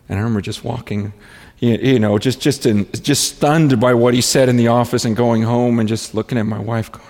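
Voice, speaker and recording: A man's voice: mid-range voice, fairly even intonation, brisk, darkish tone. A man preaching a sermon as a pastor, telling a story with frequent restarts and repeated words. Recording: long hall reverb.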